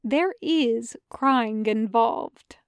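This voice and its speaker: A woman reading a fan fiction audiobook in a light, brisk narrating voice. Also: on the high side, clear, resonant tone, dry recording. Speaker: podfic reader.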